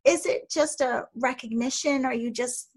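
A woman's voice: high voice, normal speed, breathy edge. A woman hosting a casual podcast interview, asking rambling questions full of "like" and "um.". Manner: warm, affirming, filler-heavy questions. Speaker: podcast host.

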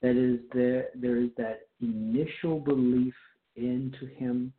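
A man preaching a sermon, reading scripture aloud and then explaining it with slow, deliberate emphasis. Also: mid-range voice, level tone. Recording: echoey, phone-like tinny sound.

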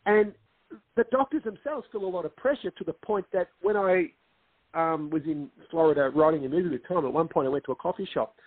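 A man's voice: fairly high pitch, fairly quick, slightly rough, dry recording. A film director as a guest in a casual interview, explaining earnestly and acting out quotes as he tells stories. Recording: tinny phone-line sound.

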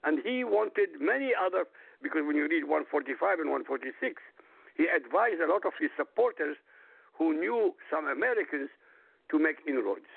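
A man's voice: fairly high pitch, big pitch swings, moderate pace, creaky, breathy edge, dry recording. A man calling in to a radio talk show, speaking insistently, repeating his points and urging listeners to check for themselves. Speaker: caller, guest. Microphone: telephone. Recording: tinny dry phone line.

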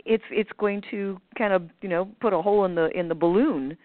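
A woman's voice: mid-range voice, brisk, no echo. A woman guest talking casually and at length, with many fillers and restarts, sometimes acting out other people's voices. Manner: acts out others' voices in quoted asides. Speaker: guest speaker on manifestation. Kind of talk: conversational explanation over a call. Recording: tinny phone line, dry.

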